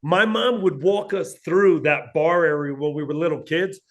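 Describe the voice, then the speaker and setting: A man's voice: a little high, normal speed. A man, a comedian guest telling stories in casual chat and acting out quoted lines. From Atlantic City, New Jersey. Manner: animated, acts out quoted dialogue in his stories.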